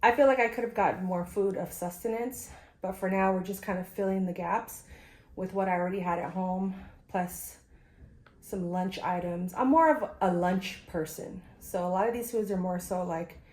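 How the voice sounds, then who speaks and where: A woman's voice: mid-range voice, steady tone, normal speed, darkish tone. A woman in her forties chatting casually at home for her vlog, rambling with lots of restarts and fillers. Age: 40s. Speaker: vlogger.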